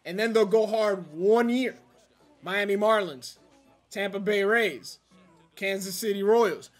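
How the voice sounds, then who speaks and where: A young man commenting on his own baseball video game, rambling and frustrated, venting with sudden loud outbursts. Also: high voice, takes it slowly, soft background music. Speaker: gaming YouTuber. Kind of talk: casual gameplay commentary.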